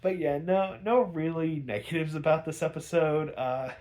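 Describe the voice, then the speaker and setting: A man's voice: fairly high pitch, moderate pace, a little mellow. A young man casually recapping an episode, rambling with many fillers and frequent chuckles. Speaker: show reviewer.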